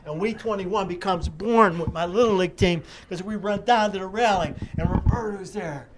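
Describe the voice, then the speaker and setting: A man's voice: high voice, normal speed, noisy background. Older man telling stories. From Pittsburgh area. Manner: vivid, rambling reminiscence with restarts. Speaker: interview guest, charity executive director. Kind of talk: animated storytelling in an interview.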